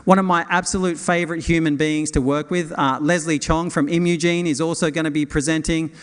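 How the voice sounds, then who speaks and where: A man's voice: on the high side, fairly even intonation, fairly quick, fairly bright tone, smooth. Enthusiastic man hosting a conference. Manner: enthusiastic, rambling with restarts. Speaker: event host. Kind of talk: conference stage introduction. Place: hotel conference hall.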